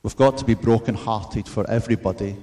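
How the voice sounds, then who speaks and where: A man preaching a sermon in an earnest, measured way, mixing in storytelling asides. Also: lowish voice, warm tone.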